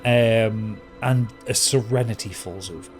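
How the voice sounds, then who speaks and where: A man's voice: on the low side, a little slow, faint music behind. Hesitant male game master. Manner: descriptive, hesitant, many ums and kind ofs. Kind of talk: narrating a tabletop game.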